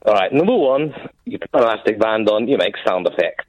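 A male caller reads out his list in a flat, matter-of-fact way, though his pitch still moves around a lot. He comes through a muffled, dull phone line. The sound is dry, with no room echo. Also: a little fast. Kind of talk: phone-in call reading out a list. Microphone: telephone line.

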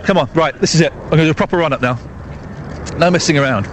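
A man hosting a live outdoor radio segment, excitable and jokey. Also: a little high, fast, slight background noise. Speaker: radio host. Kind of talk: live outside broadcast chat.

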